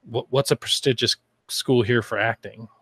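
An American man hosts a casual podcast and tosses in quick, jokey interjections. His voice sits at an ordinary pitch, and the close mic leaves the sound dry. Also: fairly even intonation, fairly bright tone, husky, no room sound. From United States. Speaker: podcast host.

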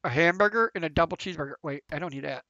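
A man talks through a game in a bright, forceful voice, chatty and easily flustered, thinking out loud as he plays. His voice sits a little high for a man. The recording is dull and lo-fi, with a dry, close sound. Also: rapid-fire, dry recording. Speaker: gameplay commentator. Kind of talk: casual game commentary.

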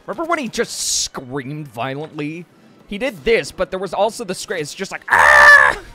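A man streaming a shooter game, excitably exclaiming and chatting with his viewers. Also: high voice, moderate pace. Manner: excitable, exclaiming, talks to chat. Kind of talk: casual gameplay livestream commentary.

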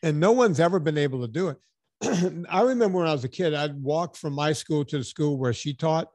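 A man's voice: on the high side, a little fast, no echo. Ranting man hosting a podcast. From Louisiana. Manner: animated, ranting, profane. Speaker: podcast host. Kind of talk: casual chat.

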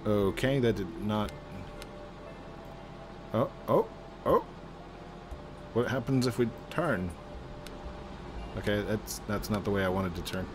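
A man hosting a gaming video, playing along with jokey, excitable commentary and sudden exclamations. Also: lowish voice, takes it slowly, pauses often, music in the background. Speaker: gaming channel host.

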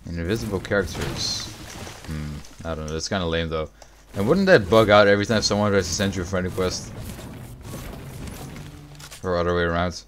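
Low-voiced young man streaming a game. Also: normal speed, long pauses, noisy background. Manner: profane, reacts loudly to the game, answers chat. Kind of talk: casual gaming livestream chat.

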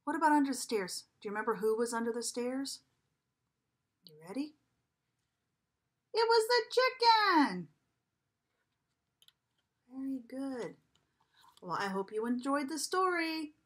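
Animated, high-voiced woman reading to preschoolers. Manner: animated, slow, coaxing questions to children, drops to a whisper at times. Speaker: preschool teacher. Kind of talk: reading a picture book aloud to young children.

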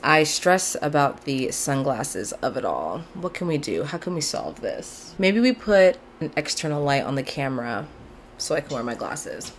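A young woman from Southern California chats straight to camera on her podcast. Her voice sits low. She gushes freely and fills her talk with "like". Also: big pitch swings, moderate pace, a little hiss or hum. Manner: chatty, gushing, lots of "like". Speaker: podcast host. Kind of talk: casual chat to camera. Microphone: camera mic, video-call style.

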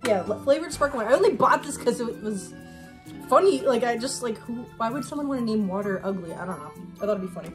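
A woman's voice: a little high, expressive, quick pace, music in the background. A woman hosting a casual taste-test show, chatty and giggly as she talks. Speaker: show host.

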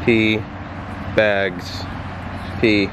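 A man's voice: lowish voice, steady tone, extremely slow, background noise. A man vlogging at an outdoor dog park, teasing his dog in casual, playful talk. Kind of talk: casual vlog narration.

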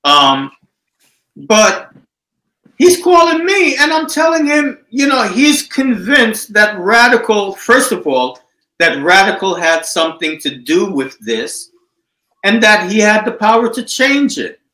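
A man on a casual podcast, slowly telling a story about a phone call. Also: sits high, very animated, sharp tone. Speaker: podcast co-host. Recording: echoey room.

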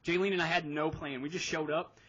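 A man hosting a casual podcast, talking in an excitable, rambling way with quick laughs. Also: fairly high pitch, husky. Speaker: podcast host. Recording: dull lo-fi podcast audio.

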